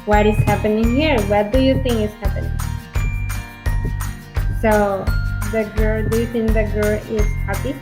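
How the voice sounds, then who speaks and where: A woman from Honduras with a Honduran Spanish accent, teaching an online English lesson with slow, clear speech and playful acted examples. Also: medium pitch, little pitch movement, music in the background, low-quality recording.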